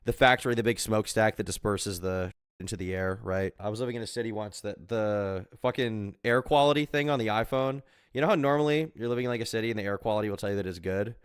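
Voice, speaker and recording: Low-voiced man streaming, joking and crude. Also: fast talker, clean tone, dry recording, studio quality. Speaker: live streamer. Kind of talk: casual livestream chat. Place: at home.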